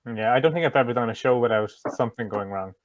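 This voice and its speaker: A man hosting a podcast, a magician himself, talking in a relaxed, conversational way. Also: medium pitch, quick pace, crowd noise. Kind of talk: casual interview chat.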